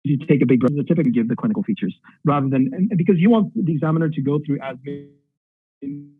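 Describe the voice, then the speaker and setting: A man's voice: on the high side, fast talker, husky, dry recording, narrow, tinny audio, soft background music. A middle-aged man from Pakistan, a radiology tutor giving direct exam advice in an online lecture, thinking aloud with fillers.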